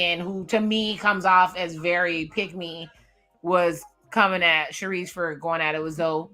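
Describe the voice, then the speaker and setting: A young woman talking through a reality show in a casual, gossipy way, laughing as she goes. Her voice is bright and forward, and there is soft music in the background. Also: lowish voice. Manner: chatty, laughing, gossipy recaps and quotes. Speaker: reaction video host. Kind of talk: casual reality-TV reaction commentary.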